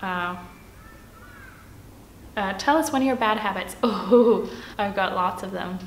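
A woman's voice: mid-range voice, measured pace, echoey room, a little hiss or hum, low-quality recording. A young adult woman from Switzerland chatting playfully through a Q&A tag video, with lots of "like" and filler words. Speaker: vlogger.

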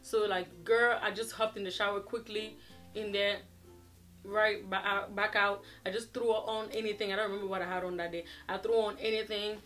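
A woman in her twenties chatting casually to camera as a vlogger, telling a story in an animated way and acting out what people said. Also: mid-range voice, moderate pace, faint music behind. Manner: animated, chatty, acts out quoted dialogue.

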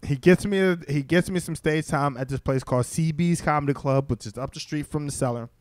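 Speaking fairly quickly in a higher-than-average voice, a man who does stand-up spins stories in relaxed chat. He's an animated storyteller who performs the voices of everyone he quotes. The studio mic picks up no echo.

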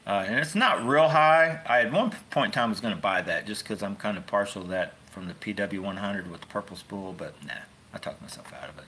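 Talking into his phone for a casual, rambling livestream, this fishing-channel host has a folksy style full of wry asides. His lowish voice is fairly quick, bright and forceful, with hardly any pauses and a little hiss or hum in the audio.

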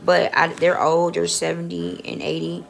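A woman's voice: lowish voice, flat delivery, normal speed, vocal fry, a crowd in the background. A woman vlogging casually on her phone from a dentist's office, chatty and rambling and swearing often. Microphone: phone held close.

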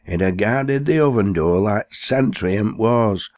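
Man, Lancashire accent, poetry recitation, very low voice, slow unhurried delivery, dry close sound. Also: lively intonation, a little mellow, no room sound. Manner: recites broad dialect verse, lifting his voice for quoted characters. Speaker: poetry reader.

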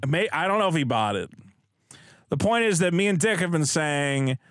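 A man co-hosting a casual podcast, reading viewer donations with jokey, animated delivery. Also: normal speed, no room sound, studio quality. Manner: animated, jokey, swings between high and low pitch. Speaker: podcast co-host.

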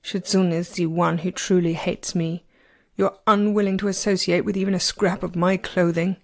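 A woman's voice: lowish voice, flat delivery, moderate pace, a little mellow. A woman reading aloud and voicing an intense, possessive young male disciple who speaks in a cool, brooding way. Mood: sulky.

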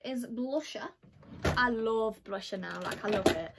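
A woman's voice: a little high, unhurried, background noise. A teenage girl chatting through her makeup routine as a beauty vlogger, full of "like" fillers. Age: teens. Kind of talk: get-ready-with-me makeup chat.

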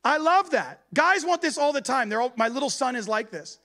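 A man preaching at a church gathering in a lively, conversational way, acting out other people's voices. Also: very high-pitched, a little fast. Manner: animated, conversational, acts out voices. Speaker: guest preacher. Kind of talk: sermon.

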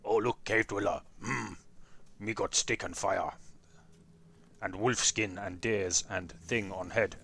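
A man voicing a dim-witted male caveman who speaks in broken grammar, a little lower than his own voice. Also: fairly even intonation, takes it slowly, vocal fry, fairly bright tone, a little hiss or hum, heavily acted. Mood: gruff.

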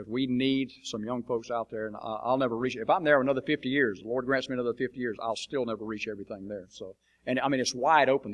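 Plain-spoken male preacher from the United States, mid-pitched and blunt, swapping folksy mission-field stories before a congregation. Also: fairly bright tone. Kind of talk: folksy storytelling talk to a church congregation. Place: church sanctuary.

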